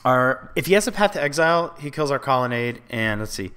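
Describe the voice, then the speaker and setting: A man's voice: medium pitch, lively intonation, a little fast, fairly bright tone, clean tone. A man casually commenting on his own online card game, thinking aloud about plays and grumbling at his own mistakes. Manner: self-critical, frustrated muttering and outbursts. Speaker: gameplay commentator.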